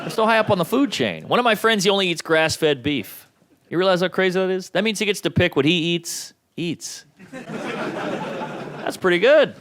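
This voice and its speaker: A man in his thirties performing a stand-up comedy set on a club stage, with a punchy delivery and quick switches into quoted voices. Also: high-pitched, lively intonation, a bit bright, a faint crowd. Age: 30s.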